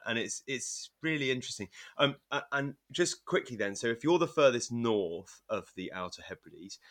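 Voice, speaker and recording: A man's voice: medium pitch, bright, forceful tone. Enthusiastic English man hosting a podcast. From Devon, southwest England. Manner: polished, enthusiastic host voice. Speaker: podcast host. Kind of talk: conversational podcast interview.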